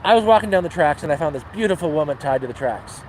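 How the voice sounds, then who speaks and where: Man doing a bragging hobo, casual, high-pitched, faint background noise. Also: animated, quick pace, lightly acted, rough recording. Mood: boastful. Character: boastful male hobo.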